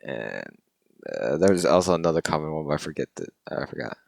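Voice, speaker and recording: Very deep-voiced young man, joking. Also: lively intonation, fast talker, vocal fry. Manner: joking, rambling, trails off quietly. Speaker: podcast co-host. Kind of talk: casual chat.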